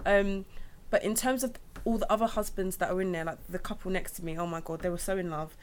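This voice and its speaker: A young woman chatting casually, telling her birth stories in a lively, storytelling manner. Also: mid-range voice, fast. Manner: chatty storytelling, animated when retelling. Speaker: new mother. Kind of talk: casual chat.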